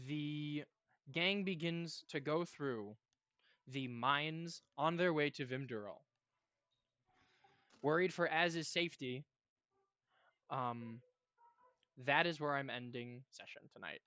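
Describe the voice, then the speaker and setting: A man running a tabletop game as game master, narrating in a relaxed, rambling way with fillers. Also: fairly high pitch, slow pace, pauses often, clean tone, dry recording, lo-fi sound.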